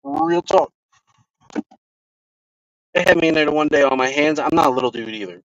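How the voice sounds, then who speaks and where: A man vlogging from his car, telling a casual, profane story in an animated way. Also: on the high side, very fast, no room sound. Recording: dry, slightly dull sound.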